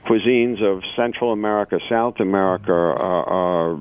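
Low-voiced man on a dry, tinny phone line, halting talk with restarts. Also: no echo. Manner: halting, repeats words, then warm praise. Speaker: phone-in guest. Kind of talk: casual chat.

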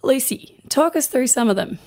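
Upbeat woman co-host, emphatic delivery, some vocal fry. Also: high-pitched, expressive, normal speed, darkish tone. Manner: upbeat, emphatic, laughs easily. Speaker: podcast co-host. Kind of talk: casual conversational advice.

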